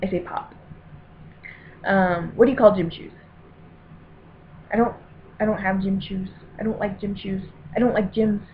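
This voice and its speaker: A woman's voice: medium pitch, steady tone, a little slow, pauses often. Chatty woman with a Denver accent, tinny recording. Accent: Denver, Colorado. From Colorado, USA. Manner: chatty, self-deprecating, rambling asides. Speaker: vlogger doing an accent tag. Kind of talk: casual reading and chat to camera. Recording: very tinny, lo-fi with faint hiss.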